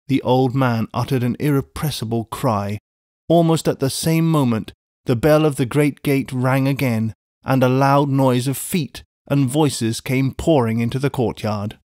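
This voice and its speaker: A man narrating a classic novel as an audiobook in a measured, even reading. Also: medium pitch, no room sound, studio quality. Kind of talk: scripted narration.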